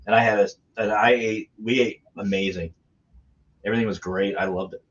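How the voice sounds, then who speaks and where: A man's voice: fairly low pitch, fairly even intonation, a little fast. A man telling crude, laughing travel stories in a casual podcast chat. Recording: dull lo-fi sound.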